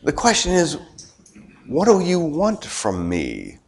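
A man's voice: on the high side, wildly swooping pitch, slow pace, vocal fry, slight background noise. A middle-aged man preaching a sermon in a conversational way, firing rhetorical questions at the congregation and tossing in joking asides. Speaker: pastor.

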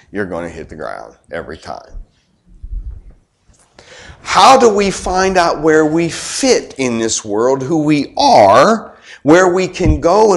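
A middle-aged man preaching a sermon in a conversational way, firing rhetorical questions at the congregation and tossing in joking asides. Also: mid-range voice. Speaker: pastor.

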